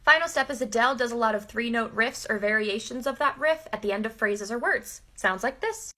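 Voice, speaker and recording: A young woman walks through a vocal tutorial step by step in an upbeat, plain way. Her voice sits high, with a bright, sharp edge. She explains each technique clearly. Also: fairly quick. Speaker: singer and impressionist teaching vocal impressions.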